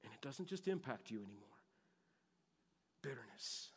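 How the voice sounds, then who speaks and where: A man's voice: big pitch swings, normal speed, breathy edge. Impassioned preacher man in a reverberant hall. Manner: impassioned, swinging between loud emphasis and hushed lows; repeats words and restarts phrases. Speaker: pastor. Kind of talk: sermon.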